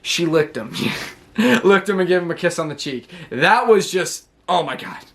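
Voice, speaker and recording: A man with a high voice gushes through a casual show recap. He rambles, corrects himself mid-sentence and keeps breaking into laughter. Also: normal speed. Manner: excitable, rambling, self-correcting, laughs often. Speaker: wrestling channel host.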